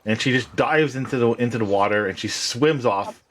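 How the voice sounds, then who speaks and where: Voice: mid-range voice, brisk, a little hiss or hum. An adult game master narrating a tabletop role-play game for children, hesitant with frequent restarts.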